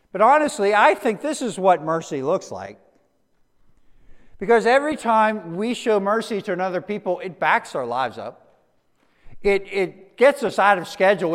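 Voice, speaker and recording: A man giving a conversational sermon as a pastor, often restarting words and dropping to a soft, slow hush for emphasis. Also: high voice, in a large hall. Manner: conversational, with frequent restarts and stammered repeats.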